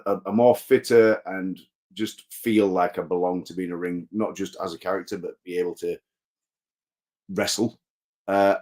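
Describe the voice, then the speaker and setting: A man with a fairly low voice chats as a guest in a casual interview. He rambles through stories with restarts and pokes fun at himself. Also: a little mellow. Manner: self-deprecating, rambling storyteller. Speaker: guest wrestler.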